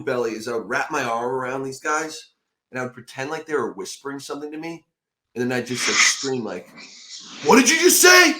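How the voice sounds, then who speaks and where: Animated man telling loud stories. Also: medium pitch. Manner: animated storyteller, bursts into loud shouted quotes. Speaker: podcast host, former football player. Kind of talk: casual storytelling chat.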